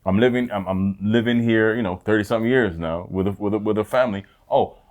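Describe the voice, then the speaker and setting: A man's voice: on the low side, fast, darkish tone. A man from the Caribbean co-hosting a podcast, chatting in an easygoing, reflective way and agreeing often with his guest. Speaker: podcast co-host. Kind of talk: casual chat.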